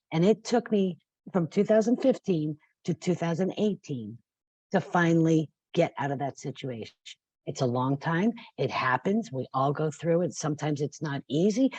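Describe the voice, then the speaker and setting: A woman's voice: on the low side, a little mellow, husky, no echo. A woman in her fifties speaking as a podcast guest, passionate and emphatic, sometimes tearful. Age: 50s. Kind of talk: podcast interview.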